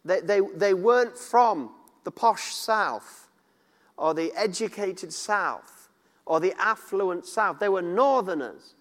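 A man's voice: high-pitched, animated, slow, fairly bright tone, long reverb tail. A man preaching a sermon in a conversational way, with frequent restarts and playful asides. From northern England.

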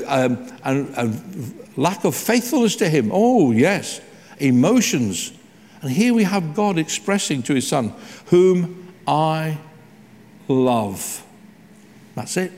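Animated preacher in an echoing hall. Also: male voice, a little high. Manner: animated, emphatic preaching with slowed quoted scripture. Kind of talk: sermon.

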